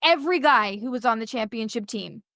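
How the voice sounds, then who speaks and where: A woman's voice: a little high, brisk, dry recording. Chatty woman, dry close sound. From Toronto, Canada. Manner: chatty, animated storyteller. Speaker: podcast guest. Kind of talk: casual chat.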